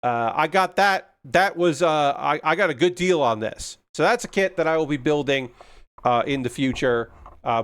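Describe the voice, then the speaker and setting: A man's voice: medium pitch, smooth. Rambling, swearing male hobby streamer. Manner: rambling, muttering to himself, swears casually; excitable, gushing about kits. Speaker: livestreamer building model kits. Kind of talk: casual livestream chat.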